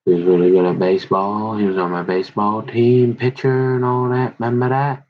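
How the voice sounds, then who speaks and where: A man's voice: on the low side, fairly quick. A middle-aged man telling rambling stories from his school days in casual chat, acting out the voices of the people he quotes. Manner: rambling, quoting others in animated voices. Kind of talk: casual storytelling about high school memories. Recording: dull lo-fi recording.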